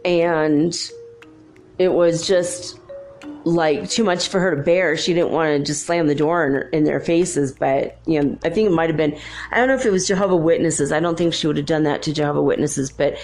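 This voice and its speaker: A woman hosting a talk show, telling a story casually, chatty and laughing often as she quotes people in lively voices. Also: deep voice, moderate pace, soft background music. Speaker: podcast host.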